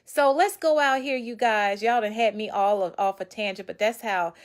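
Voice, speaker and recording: A woman's voice: medium pitch, moderate pace. A woman author giving casual, preachy motivational advice straight to her viewers. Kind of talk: casual motivational talk to camera.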